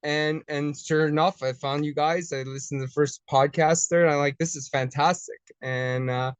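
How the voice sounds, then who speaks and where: A man's voice: a little high, steady tone, moderate pace, smooth, no room sound. A man appearing as a podcast guest, talking in a chatty, enthusiastic way. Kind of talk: casual chat.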